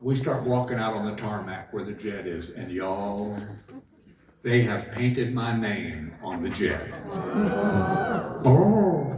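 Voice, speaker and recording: A man doing stand-up comedy, telling a story in an animated, drawling way to a large casino theater crowd. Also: fairly low pitch, unhurried, distant mic, background noise. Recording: echoey theater, mic heard from afar. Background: audience laughter.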